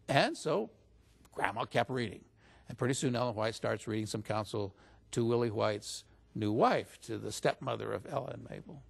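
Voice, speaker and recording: Male interview guest, husky and gravelly, conversational storyteller who voices quotes higher. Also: normal speed. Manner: animated retelling, pitch jumps up when quoting others.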